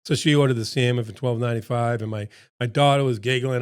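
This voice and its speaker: A man's voice: medium pitch, fairly even intonation, fast. A middle-aged man presenting a seminar in a casual, pep-talk way, repeating his points for emphasis, his throat a bit froggy.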